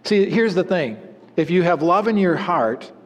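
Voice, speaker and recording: Man, pastor, sermon, earnest preaching, fairly high voice, long hall reverb. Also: animated, unhurried, highs cut off.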